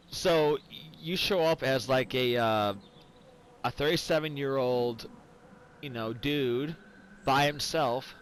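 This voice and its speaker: A man's voice: medium pitch, takes it slowly, long pauses, clear, resonant tone, rough recording. Tipsy, rambling, profane man. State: tipsy from whiskey. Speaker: gaming commentator. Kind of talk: casual game commentary.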